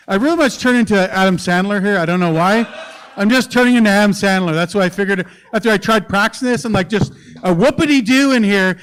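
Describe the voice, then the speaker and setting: A male comic's fast, clean-toned voice, a little high for a man, carries through a handheld stage mic. During his live stand-up set at a comedy club, he rambles through an animated, profane story.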